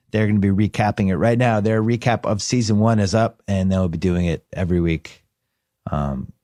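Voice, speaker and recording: A man's voice: lowish voice, darkish tone, dry recording, studio quality. A man hosting a casual podcast, running through the show lineup in an upbeat, rambling way with frequent restarts. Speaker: podcast host.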